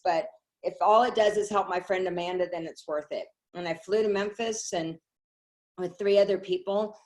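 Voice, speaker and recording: A middle-aged woman telling a personal story on a call, animated, acting out what others said. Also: fairly low pitch, moderate pace. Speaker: network marketing speaker.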